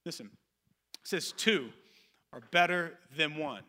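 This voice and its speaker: A pastor in his thirties delivers a sermon in a church. His voice is high and bright, with a forceful edge. He swings between loud, emphatic calls and quiet, lowered asides. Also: lively intonation, takes it slowly. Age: 30s.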